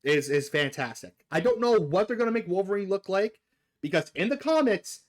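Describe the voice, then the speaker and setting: Excitable, cursing man hosting a gaming chat. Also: high-pitched, normal speed. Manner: excitable, swears freely, talks over the guest. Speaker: podcast host.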